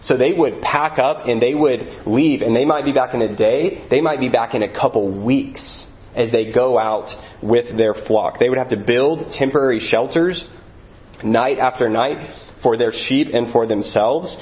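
A man's voice: medium pitch, unhurried, muffled recording. A man preaching a sermon as a pastor, earnest and repeating phrases for emphasis.

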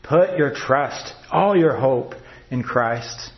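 Pastor, male, earnest measured preaching, unhurried delivery, room echo. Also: medium pitch, expressive, muffled recording. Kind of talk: sermon.

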